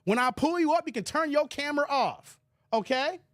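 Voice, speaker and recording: A male live stream host, talking casually and greeting his chat by name. His delivery is animated and loose, with quick laughs and emphatic runs. The sound is dry and close, with no room around it. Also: very high-pitched, no echo. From United States.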